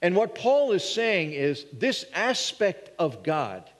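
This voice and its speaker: A man's voice: high-pitched, very animated, slow. A man preaching a sermon in an earnest way, thinking through hard questions aloud and sometimes restarting a phrase. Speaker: pastor. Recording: long hall reverb.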